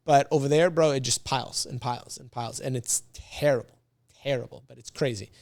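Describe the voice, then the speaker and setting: Fast-talking man telling a story. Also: medium pitch, gravelly, no echo, clean studio sound. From United States. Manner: animated, slangy, laughs often. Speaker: podcast guest. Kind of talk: casual storytelling.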